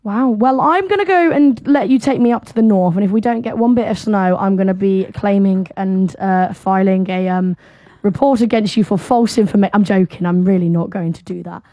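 Teasing southern English radio co-host. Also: female voice, medium pitch, a little fast, no room sound. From South of England. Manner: teasing and playful, gently sarcastic. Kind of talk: casual radio chat.

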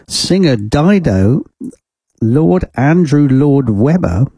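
A man's voice: mid-range voice, very animated, slow, mellow, slightly rough, no echo. A man presenting a community radio show from the studio, chatting casually and rambling with fillers and amused laughs. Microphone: studio microphone.

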